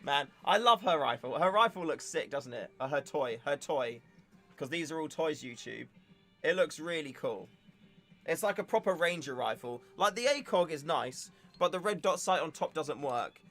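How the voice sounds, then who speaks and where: Chatty young man, a bit high. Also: animated, normal speed, a bit bright. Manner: chatty, joking, rambling with restarts. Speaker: livestream host. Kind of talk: casual livestream chat. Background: faint music.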